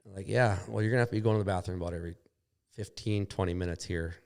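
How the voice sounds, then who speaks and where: A man's voice: low-pitched, fairly even intonation, racing, gravelly, darkish tone. A man, a podcast guest telling a story in a plainspoken, mildly profane, wry way. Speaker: podcast guest, snowmobile racer. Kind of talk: casual storytelling.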